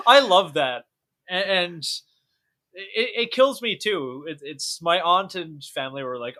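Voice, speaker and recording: A young man chatting as a podcast co-host, tossing in quick agreement and dry jokes. His voice is slightly high and bright, with a sharp edge. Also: lively intonation. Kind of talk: casual chat.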